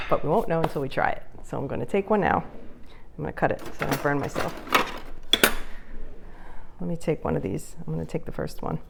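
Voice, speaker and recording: A woman casually talking viewers through making a home recipe, chatty and easily excited as she goes. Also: low voice, creaky, very noisy. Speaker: home cook vlogger. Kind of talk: casual cooking demonstration.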